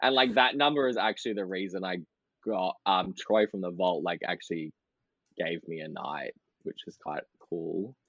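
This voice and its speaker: A man, chatting as a podcast guest, full of fillers and quick laughs. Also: deep voice, a bit bright, dry recording, muffled recording. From Australia. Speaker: podcast guest, drag performer. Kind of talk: casual interview chat.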